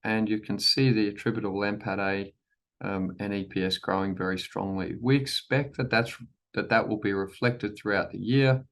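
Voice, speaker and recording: A man leading a formal presentation to shareholders, measured and deliberate, repeating key phrases and often restarting sentences. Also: lowish voice, steady tone, a bit bright. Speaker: company chief executive presenting to shareholders.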